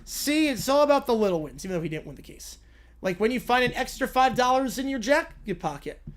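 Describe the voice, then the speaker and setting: A man live-streaming, reading a silly story aloud with playful, animated asides. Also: extremely high pitch, brisk.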